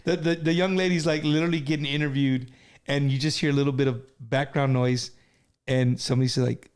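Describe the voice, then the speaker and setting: A man's voice: mid-range voice, little pitch movement, a little fast, a little mellow. A man hosting an interview, talking casually with frequent stammers and restarts, openly a fan of his guest. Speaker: interview host.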